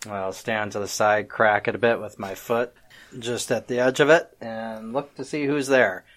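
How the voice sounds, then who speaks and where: A man playing in a tabletop role-play game, speaking in a deliberate, measured way. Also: lowish voice, steady tone, a bit bright. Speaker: player.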